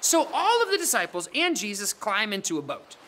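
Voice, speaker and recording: A woman's voice: medium pitch, big pitch swings, a little fast, a bit bright, a little hiss or hum. A woman telling a Bible story to children in a playful, dramatic way, full of slang and jokes. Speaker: children's ministry leader. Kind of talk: animated Bible storytelling for kids.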